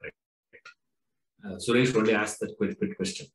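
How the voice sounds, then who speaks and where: A man's voice: fairly low pitch, fairly even intonation, moderate pace. A man with an Indian English accent teaching a Vedanta class, posing rhetorical questions and pressing students with "no?" and "huh?". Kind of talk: classroom lecture. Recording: echoey lecture room.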